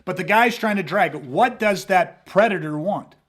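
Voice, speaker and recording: A man with a high-pitched voice hosts a self-defense podcast in casual talk. He speaks bluntly and emphatically, swears freely, and acts out scenarios as he explains. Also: lively intonation, normal speed, a bit bright.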